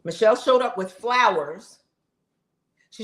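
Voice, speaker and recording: Lively intonation and a moderate pace mark this lowish, slightly bright voice of a woman in her fifties. As a vlogger she speaks straight to viewers, chatty, emphatic and warmly casual. The space sounds echoey.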